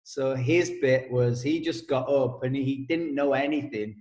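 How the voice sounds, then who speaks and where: A man co-hosting a casual podcast chat, telling stories with frequent laughs and quick asides. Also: mid-range voice, a little mellow, reverberant. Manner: chatty storyteller, laughs often, quick asides. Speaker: co-host, personal development coach.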